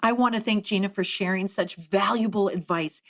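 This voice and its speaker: Woman podcast host, mid-pitch, eager and exclamatory, casual interview chat. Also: moderate pace, a bit bright. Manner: enthusiastic, exclamatory.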